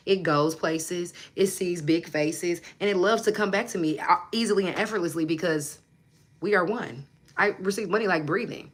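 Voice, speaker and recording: A woman's voice: fairly low pitch, pushed and bright. A young adult woman hosting a casual livestream, talking bluntly and emphatically with plenty of profanity as she preaches self-belief to her viewers. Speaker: manifestation coach and livestream host.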